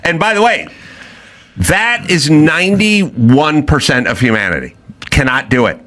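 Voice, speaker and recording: A man hosting a podcast in casual chat, telling animated stories and acting out other people's lines. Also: on the high side, measured pace. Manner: fired up, emphatic. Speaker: podcast host.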